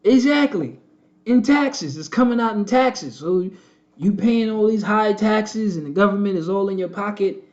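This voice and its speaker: Male host, higher-pitched, preachy and repetitive; dull lo-fi audio. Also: lively intonation, normal speed, darkish tone. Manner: preachy, repetitive, addresses viewers as family. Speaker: channel host. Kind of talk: casual live-stream commentary.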